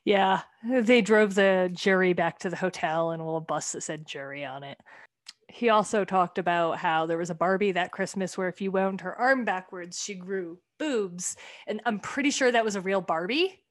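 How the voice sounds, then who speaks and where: A woman's voice: lowish voice, moderate pace. A woman co-hosting a casual chat, talking candidly, swearing bluntly when annoyed and acting out quoted lines. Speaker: podcast co-host. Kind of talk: casual chat reviewing a comedy show.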